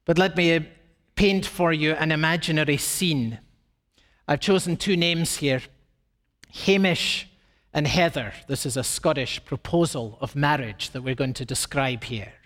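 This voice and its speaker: High-voiced man preaching emphatically. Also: a little slow, a bit bright. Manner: emphatic, dramatic shifts in pace and pitch. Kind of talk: sermon. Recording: long reverb of a large hall.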